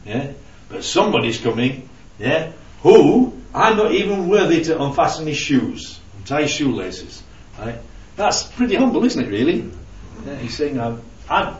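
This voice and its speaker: A man's voice: on the high side, big pitch swings, normal speed. A man leading an informal Bible study with a small group, talking conversationally and often checking in with "right?" and "yeah?". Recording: roomy, distant, dull lo-fi recording.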